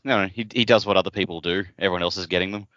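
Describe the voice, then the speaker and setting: A man co-hosting a podcast, throwing in quick jokes during a casual book discussion. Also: low-pitched, steady tone, a bit bright, no echo, lo-fi sound.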